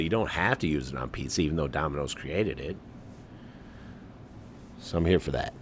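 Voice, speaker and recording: A man from the Midwest with a very low voice, talking casually on his own as a podcast host. He is laid-back but keeps getting excited, peppering his talk with "man" and a little swearing. A faint hiss of noise sits under the recording. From American Midwest. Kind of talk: casual solo commentary.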